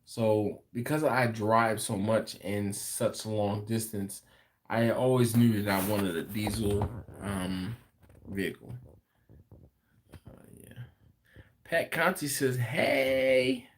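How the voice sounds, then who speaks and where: An American man hosting a live barbecue stream, chatting casually and answering viewer comments with lots of fillers and restarts. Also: fairly low pitch. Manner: slow, laid-back storytelling with frequent fillers and restarts. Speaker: host of a barbecue livestream. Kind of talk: casual livestream chat reading viewer comments.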